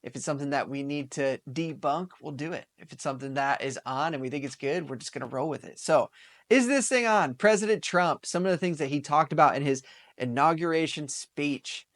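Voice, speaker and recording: A man in his thirties hosting a casual opinion talk show, excitable and upbeat, often laughing. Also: on the high side, a little fast. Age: 30s. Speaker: podcast host.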